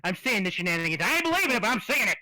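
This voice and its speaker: A caged lizard sidekick, incredulous and slangy, his voice pitched up and sharp, as a man does him. The recording is dry and close. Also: sing-song, very fast, dry recording, full character voice. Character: jittery street-wise male lizard sidekick.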